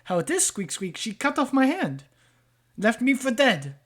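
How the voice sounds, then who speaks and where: A man voicing a twitchy sewer-dwelling man who squeaks and babbles loudly in a tabletop game. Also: sing-song, exaggerated voice. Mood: chattering. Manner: high, loud, rapid babble.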